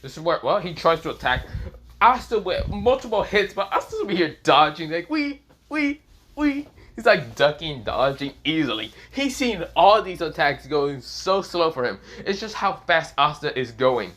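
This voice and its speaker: A man's voice: fairly high pitch, very animated, normal speed, fairly bright tone. A young man casually narrating an improvised fan story, rambling with many fillers and casual swearing.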